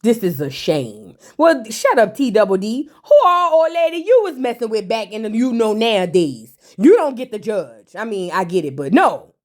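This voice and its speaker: A woman's voice: medium pitch, very animated, moderate pace, few pauses, a little mellow. A woman recapping a reality show in casual, slangy talk, teasing her viewers with sassy asides.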